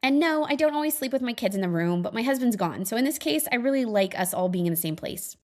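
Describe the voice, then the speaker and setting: Chatty, upbeat woman thinking out loud. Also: a little high, expressive, quick pace. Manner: chatty, upbeat, laughs often, many fillers; reflective, earnest. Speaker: podcast host. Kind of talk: casual solo monologue.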